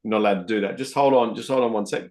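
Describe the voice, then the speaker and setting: A man's voice: fairly low pitch, rapid-fire, darkish tone. A man hosting a live trading session, chatting casually to viewers and calling them guys and mate. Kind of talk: live-stream trading commentary.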